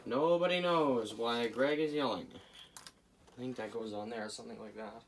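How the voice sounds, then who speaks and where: Rambling man with loud bursts, noisy recording. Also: mid-range voice, normal speed. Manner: rambling, jokey, talks to viewers, sudden loud bursts. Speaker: hobbyist video host repairing a clock. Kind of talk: casual narrated repair video. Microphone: camera mic, speaker often away from camera.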